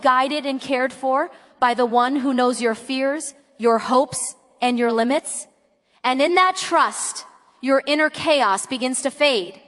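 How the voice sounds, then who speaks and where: A woman giving a calm, measured, reflective religious motivational narration. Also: high voice. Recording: long reverb tail.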